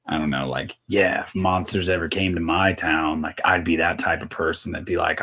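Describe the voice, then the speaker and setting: A man's voice: deep voice, fairly even intonation, moderate pace, pushed and bright. A man talking casually on a podcast in a laid-back, thoughtful way. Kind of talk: casual chat.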